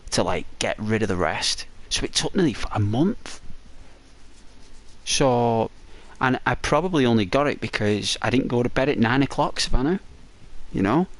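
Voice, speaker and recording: Croaky rambling man. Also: on the low side. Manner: rambling, full of "like". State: dry, croaky throat. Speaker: game streamer. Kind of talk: casual chat on a stream break.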